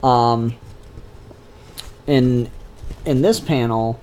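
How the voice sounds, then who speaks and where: A man's voice: medium pitch, drawn-out words, a little mellow. Male comic reviewer, laid-back rambling chat, blunt opinions, lots of ums. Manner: rambling, opinionated, frequent fillers.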